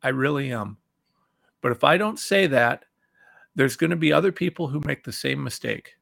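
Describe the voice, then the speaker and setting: A middle-aged man from Ohio hosting his own talk show, giving heated, indignant commentary that swings between loud outbursts and low muttering. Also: expressive, normal speed, creaky, dry recording, studio quality. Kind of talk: impassioned political commentary.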